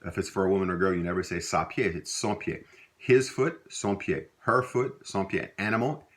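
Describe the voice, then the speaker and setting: A middle-aged man with a Louisiana accent gives a casual spoken language lesson. His voice sits very low. He rambles easily, using fillers and correcting himself mid-sentence. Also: fairly quick. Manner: relaxed, rambling, with many fillers and self-corrections. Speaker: language teacher.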